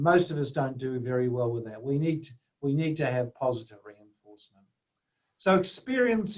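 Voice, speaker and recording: A man's voice: on the high side, darkish tone. A man presenting a webinar lecture, conversational and full of fillers and restarts. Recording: dull lo-fi webinar audio.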